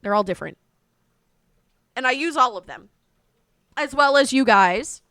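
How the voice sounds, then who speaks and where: Chatty southern streamer woman, lively pitch. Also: measured pace, no echo, studio quality. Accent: North Carolina Southern. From North Carolina, US. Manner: chatty, rambling, animated, self-correcting. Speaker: live streamer. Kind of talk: casual live-stream chat answering viewers.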